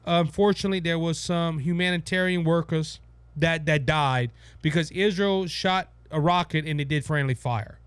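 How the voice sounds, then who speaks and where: A man with a Cajun accent talks politics in a loose, rambling way. He stops and restarts often, and he leans hard on his points. His voice sits a bit high for a man, and the sound is close and dry. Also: normal speed, clean tone, no room sound. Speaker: podcast host. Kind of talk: casual political talk.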